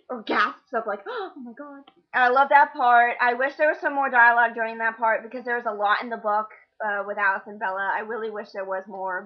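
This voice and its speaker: A teenage girl vlogging a casual movie review, rambling and excitable with lots of fillers. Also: fairly high pitch, lo-fi sound. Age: teens.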